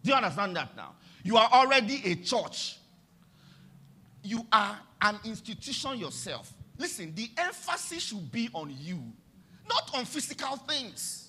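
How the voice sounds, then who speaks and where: A middle-aged Nigerian man preaching a sermon as pastor, emphatic and sing-song, swinging between loud declarations and hushed asides. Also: high voice, sing-song, normal speed, breathy edge.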